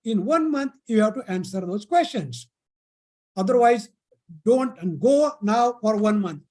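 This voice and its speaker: A proud young king, quick to anger and barking out threats and orders, as the storyteller puts him on. The voice sits at a middling pitch and delivers its demands in blunt, commanding bursts. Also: animated, a little mellow, close to an everyday voice. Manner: angry, commanding.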